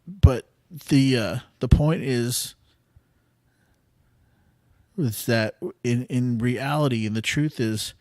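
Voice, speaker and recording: In a mid-range, slightly mellow voice with clean studio sound and no room sound, a man hosts a podcast devotional. Slow and earnest at first, with casual fillers and restarts, his talk rises to impassioned, pleading intensity.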